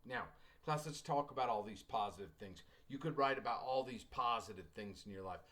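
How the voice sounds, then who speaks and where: A man's voice: fairly low pitch, brisk, a bit bright. A middle-aged male writing teacher talks to his class in a loose, folksy way. He drifts into anecdotes and acts out the dialogue, with wry joking asides.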